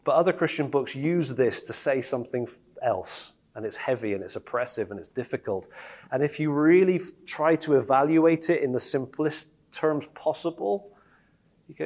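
A man delivering a sermon in a chatty, animated way, his voice sitting in a middle pitch. He keeps tossing rhetorical questions at the room and answering them himself. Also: moderate pace. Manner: lively, conversational, asks the audience rhetorical questions. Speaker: preacher.

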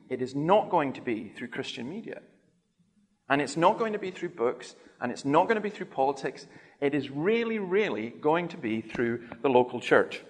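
Animated male preacher in a reverberant hall. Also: mid-range voice. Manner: animated storyteller, acts out quoted voices. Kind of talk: sermon.

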